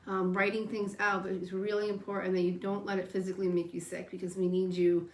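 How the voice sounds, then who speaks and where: A woman's voice: medium pitch, level tone, fast. Brief: woman co-host, earnest advice, echoey room sound. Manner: earnest, advice-giving, loose phrasing. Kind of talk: casual chat.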